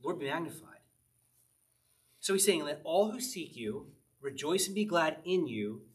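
During an informal evening Bible study, this pastor reads psalms out loud and unpacks them conversationally, frequently breaking into laughter. He speaks unhurriedly in a fairly high, expressive voice.

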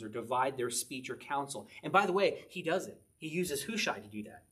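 A man's voice: mid-range voice, lively intonation, brisk, few pauses, a bit bright, husky. A man preaching a conversational sermon, reading scripture aloud with emphasis and asking his listeners questions. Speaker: pastor.

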